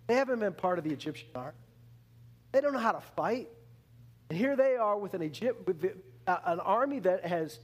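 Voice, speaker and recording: A man preaching a sermon in an animated way, repeating words and restarting phrases as he acts out the people he talks about. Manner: animated, acts out the complaining Israelites in a higher voice.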